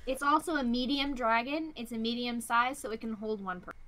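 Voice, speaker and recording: A woman running a tabletop role-playing game as dungeon master, explaining things in a brisk, matter-of-fact way. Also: fairly high pitch, fairly even intonation, sharp tone, slight background noise, rough recording.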